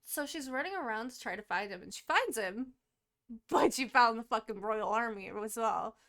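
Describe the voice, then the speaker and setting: A young woman co-hosting a podcast, casually retelling a book's plot in a lively, profane way and acting out the characters' lines. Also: a little high, normal speed. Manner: animated and profane, acts out quoted characters. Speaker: podcast co-host.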